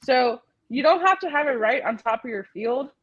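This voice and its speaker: A woman with a somewhat high voice hosting a relaxed healing session. She chats playfully and laughs easily, then slips into gentle, step-by-step guidance. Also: moderate pace, breathy edge, lo-fi sound. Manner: laughs often, chatty and playful; gently guiding, soothing instructions. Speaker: healing facilitator and host. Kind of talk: casual livestream healing session.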